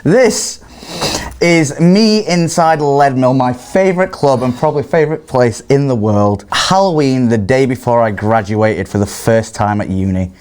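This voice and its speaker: Man, 20s, podcast guest, casual storytelling, animated, swears, mid-pitched voice. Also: normal speed, hardly any pauses, clean tone. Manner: animated, swearing, laughs often while telling stories.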